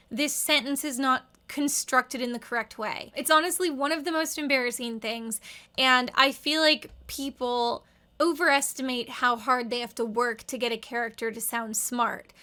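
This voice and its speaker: This video essayist, a woman in her thirties, has a high, bright, forceful voice. She rambles through wry, casual commentary, leaning heavily on the word "like."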